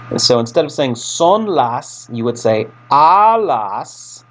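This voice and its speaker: A man's voice: on the high side, big pitch swings, moderate pace, few pauses. A man teaching a recorded Spanish lesson, talking casually through his slides with fillers and restarts. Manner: casual, chatty, with fillers and self-corrections.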